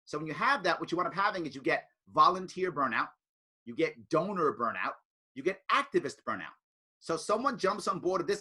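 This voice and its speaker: Lively, bright-voiced man, animated speaker. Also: high voice, a little fast. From United States. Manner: animated, mimics others in raised voices. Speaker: political speaker. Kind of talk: casual talk to a student group.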